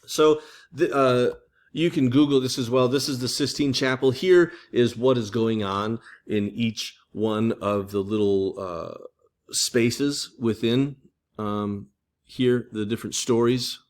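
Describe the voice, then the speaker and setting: A man's voice: medium pitch, fairly even intonation, slow pace. A man teaching an art history lecture in a casual, chatty way, with lots of fillers and restarts.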